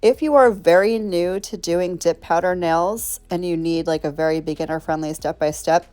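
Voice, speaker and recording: A woman's voice: lowish voice, steady tone, moderate pace, a little mellow. A woman chatting through a nail tutorial in a bubbly, rambling way, talking straight to her viewers. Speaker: nail art creator.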